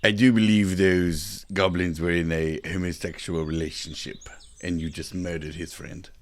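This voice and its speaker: A man at a tabletop game with a very deep voice. He delivers his jokes deadpan. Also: moderate pace. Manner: deadpan joking. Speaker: player. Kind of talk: tabletop role-play.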